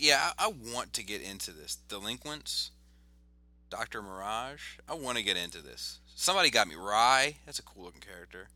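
A man hosting a casual podcast, joking loosely and reading off shout-outs. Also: fairly low pitch. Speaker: podcast host.

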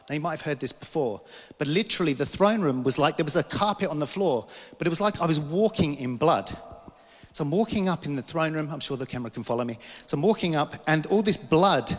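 In a church hall with a big-room sound, a British man with a fairly high voice preaches a sermon built around a personal vision story. He rambles, interrupts himself, and slips in small jokes as asides.

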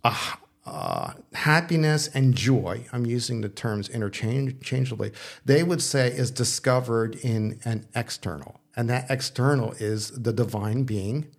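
A man with a rough, gravelly edge, chatting casually as a pastor. He works through ideas aloud, restarting sentences and checking in with his co-host, with a playful streak. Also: medium pitch, a little slow. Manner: thinking aloud, with restarts and frequent "okay?" check-ins; playful, teasing. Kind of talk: casual discussion on faith and philosophy.

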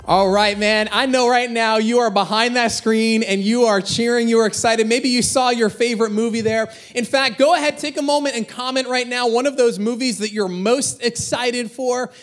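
High-voiced energetic male pastor. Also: normal speed, few pauses, faint music behind. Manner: energetic, animated, acts out quotes. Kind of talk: sermon with personal storytelling.

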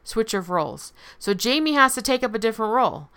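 A woman's voice: on the high side, sing-song, fast talker, bright, forceful tone, clean tone. A woman giving a casual spoken lesson, explaining in a conversational way and checking in with "right?" as she goes.

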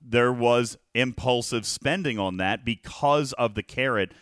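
A man's voice: mid-range voice, measured pace, fairly bright tone, no echo. Emphatic male podcast host in a dry studio. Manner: emphatic, reads viewer comments aloud, rhetorical "okay?" check-ins. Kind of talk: casual gaming podcast chat.

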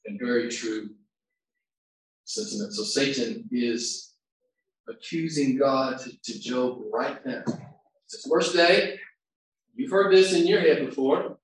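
A male pastor preaching a sermon, shifting between quiet reflection and loud shouts, recorded far from the mic in a large church hall. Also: medium pitch. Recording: very echoey hall, distant mic.

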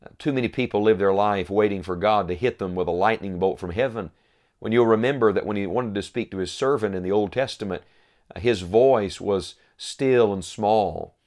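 Earnest low-voiced male preacher. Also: a little mellow. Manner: earnest, emphatic, quotes scripture in old wording; slows for emphasis, rising repeated phrases. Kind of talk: sermon.

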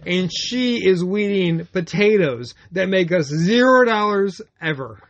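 A man's voice: sits high, expressive, unhurried, lo-fi sound. A man co-hosting a podcast in casual chat, blunt and profane, often cutting in to steer the story. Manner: blunt, swears a lot, interrupts. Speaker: podcast co-host, flower farmer.

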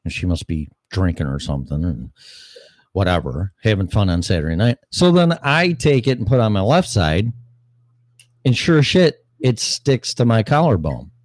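A man's voice: fairly low pitch, sing-song, moderate pace, dry recording. A man hosting a casual call-in chat, laid-back and telling a story with easy swearing. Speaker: show host.

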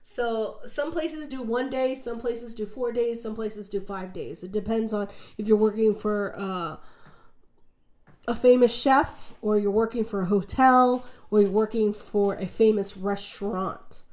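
A woman telling stories in a lively, chatty way, acting out what people said. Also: mid-range voice, a little slow. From United States. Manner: animated, chatty, acts out quotes in her story. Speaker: guest. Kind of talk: casual conversational storytelling.

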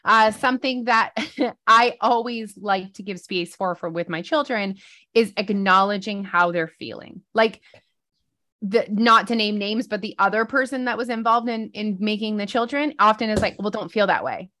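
A woman's voice: mid-range voice, moderate pace, bright, forceful tone. A woman co-hosting a casual podcast, a mother who tells stories with chatty, sarcastic asides. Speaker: podcast co-host, parent.

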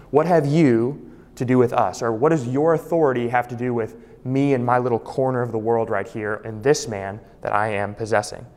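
A male pastor preaches with emphasis and lands on key phrases by repeating them. His voice sits at an ordinary middle pitch. It rings out with the long reverb of a large hall. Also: a little mellow. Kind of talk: sermon.

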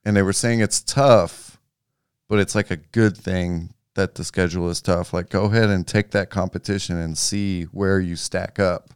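Low, smooth-voiced sports podcast guy. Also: normal speed, no room sound, clean studio sound. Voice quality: relaxed, restarts and trailing phrases. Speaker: podcast co-host. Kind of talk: casual sports chat.

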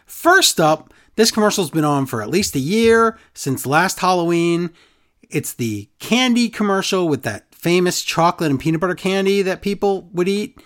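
Recapping a wrestling show on a podcast, this host speaks at normal speed with a medium pitch. The chat is casual, and he's sarcastic and lively, putting on different voices for quotes.

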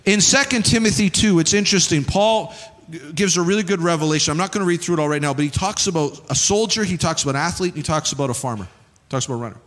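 Male pastor, high-pitched voice, emphatic sermon delivery in a reverberant church hall. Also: fast, fairly bright tone. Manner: emphatic, repetitive preaching with acted-out dialogues.

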